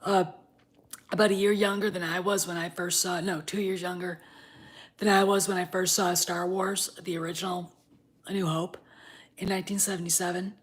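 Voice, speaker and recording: A woman in her fifties ranting in a casual vlog. She swears a lot and swings from low muttering to loud, heated outbursts, with wine in hand. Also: level tone, moderate pace. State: drinking wine. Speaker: vlogger.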